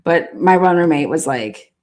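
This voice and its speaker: A woman's voice: low-pitched, expressive, normal speed, a little mellow. Laughing, foul-mouthed woman telling stories. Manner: profane, laughing, rambling. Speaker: host. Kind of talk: casual storytelling.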